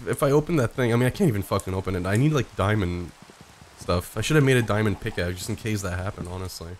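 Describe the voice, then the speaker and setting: A young man doing live gameplay commentary, excitable and foul-mouthed, yelping and laughing at every surprise. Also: lowish voice, quick pace, slight background noise. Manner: excitable, swears a lot, yelps and laughs at surprises. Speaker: game streamer.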